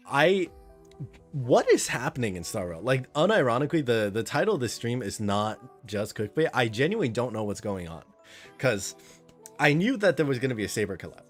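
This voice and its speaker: A man's voice: mid-range voice, slightly rough. A man streaming a game live, chatting casually with viewers in a rambling, friendly way and reading chat aloud.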